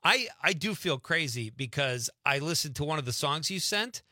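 A man's voice: a little high, expressive, pushed and bright, no room sound, studio quality. A man hosting a radio show, chatting casually and cheerfully with a guest. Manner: upbeat, chatty, quick to laugh. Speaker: radio host.

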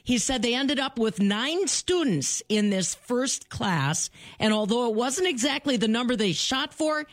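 A woman's voice: a little high, animated, no room sound. Woman radio news host, dry sound. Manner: brisk, conversational newsreading. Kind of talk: news reading.

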